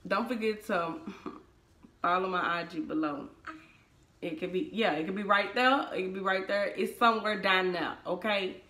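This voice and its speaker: A woman's voice: mid-range voice, normal speed, bright, forceful tone, reverberant. A woman vlogging casually to camera, chatting in a sassy, emphatic way about a product she bought. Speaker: vlogger reviewing a wig-making canvas head.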